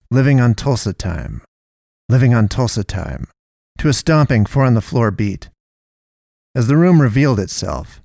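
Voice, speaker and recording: Male narrator, lowish voice, measured storytelling, dry close mic. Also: darkish tone, dry recording. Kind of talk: audiobook-style story narration.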